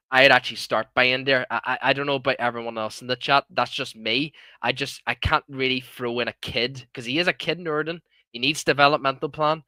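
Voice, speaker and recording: A man's voice: mid-range voice, pushed and bright, dry recording. A young Irish man hosting a live stream, talking casually and heatedly, swearing often and calling listeners "man". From Ireland. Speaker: livestream host.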